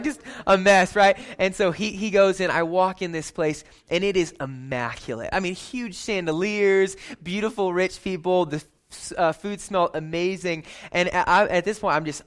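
A young adult man preaching a sermon, opening with an animated personal story and acting out the people in it before reading scripture. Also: fairly high pitch. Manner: animated storytelling, acts out quotes. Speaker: pastor.

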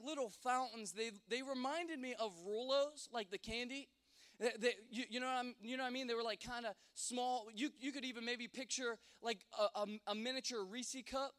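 High-voiced man telling a rambling story in a hall. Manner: lively, rambling, with frequent restarts and fillers. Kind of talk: animated comic personal story told to an audience. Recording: long hall reverb.

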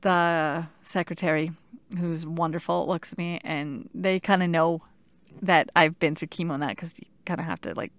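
A middle-aged woman telling a personal story in casual talk, animated and halting, with many restarts and filler "like"s. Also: low voice, no room sound.

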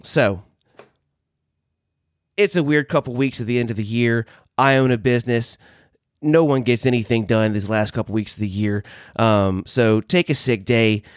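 A podcast host talks solo in a medium-pitched, clean-toned voice at a moderate pace, recorded in clean studio sound with no room sound. His casual monologue is playful, with some swearing, and he laughs at his own jokes.

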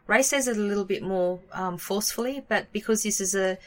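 A woman's voice: mid-range voice, brisk. Chatty woman co-hosting a coaching podcast. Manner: relaxed, explains things at length with casual fillers. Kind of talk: casual chat.

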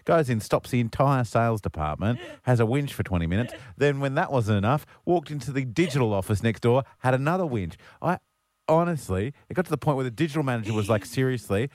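A man's voice: medium pitch, lively intonation, quick pace, a little mellow, no echo. An Australian man co-hosting a radio show, teasing his co-host with dry, ribbing humour. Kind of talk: casual radio banter.

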